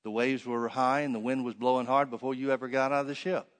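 A man preaching a sermon, reading scripture aloud and then explaining it with rhetorical questions, swinging between loud emphatic stresses and hushed asides. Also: medium pitch, flat delivery, fast talker.

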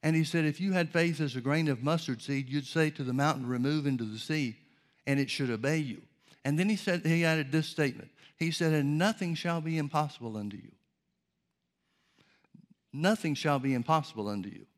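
An earnest male preacher delivering a sermon with a slightly high voice. He teaches in a measured way and often pauses to pose rhetorical questions.

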